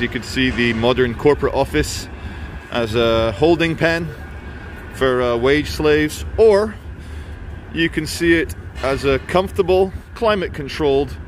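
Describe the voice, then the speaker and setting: A man walking through city streets as he films a vlog, talking in a chatty, sardonic way with mocking asides, into a handheld camera mic. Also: on the high side. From England. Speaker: street vlogger. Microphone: handheld camera mic while walking. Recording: faint street traffic noise behind.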